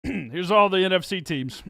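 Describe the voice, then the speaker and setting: A young man with a high, bright voice whoops and hollers on a live stream. His voice has gone hoarse from yelling, and between the shouts he talks loosely to his chat. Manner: yells and hypes, then talks to chat casually. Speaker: streamer reacting to a football game. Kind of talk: excited live-stream reaction.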